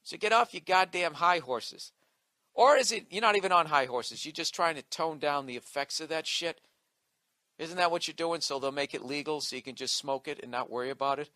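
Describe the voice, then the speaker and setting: A man's voice: a little high, sharp tone, dry recording. A man doing a profane comic rant with mocking asides. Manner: profane ranting, mocking impressions. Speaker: comedian. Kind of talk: podcast rant.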